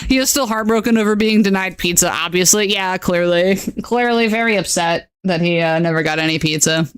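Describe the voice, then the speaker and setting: A woman's voice: lowish voice, moderate pace, clean tone, no room sound. Chatty woman streaming from home. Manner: chatty, laughs often, baby-talks to her dogs. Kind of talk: casual livestream chat.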